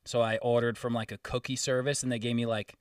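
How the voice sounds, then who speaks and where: A man's voice: mid-range voice, level tone, quick pace, clear, resonant tone, dry recording, far from the mic. A young man co-hosting a podcast, adding wry jokes to his friend's story. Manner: wry interjections, joking along. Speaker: podcast co-host. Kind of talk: casual chat. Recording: dry sound, a bit off-mic.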